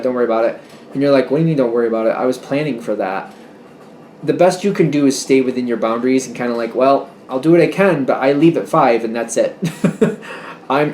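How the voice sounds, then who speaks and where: A man's voice: medium pitch, echoey room, a little hiss or hum. Rambling man doing a tarot reading. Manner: rambling, self-interrupting, animated asides. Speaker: tarot reader.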